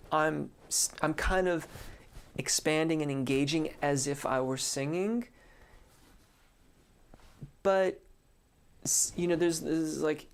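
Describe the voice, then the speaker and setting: A man, a singing teacher, answers viewers' questions in a relaxed live stream, thinking aloud with many fillers. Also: fairly high pitch, smooth. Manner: reads viewer comments aloud and answers them. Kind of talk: casual live-stream chat.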